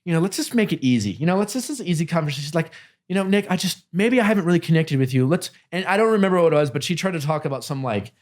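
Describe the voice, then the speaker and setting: A man's voice: on the high side, animated, very fast, a little mellow. A man hosting a podcast, telling stories in casual chat with lots of fillers, restarts and casual swearing. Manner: storytelling, many fillers and restarts. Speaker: podcast host.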